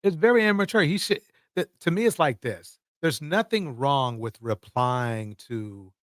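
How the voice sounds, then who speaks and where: A man's voice: mid-range voice, slow, fairly bright tone, no room sound, clean studio sound. A man hosting livestream commentary, emphatic and repeating words for effect. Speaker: commentary host.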